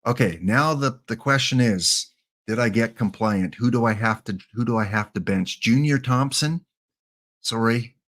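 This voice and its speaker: A man's voice: mid-range voice, moderate pace, fairly bright tone. A man doing live-streamed commentary over a baseball sim, muttering to himself and talking to the players on screen as he picks them.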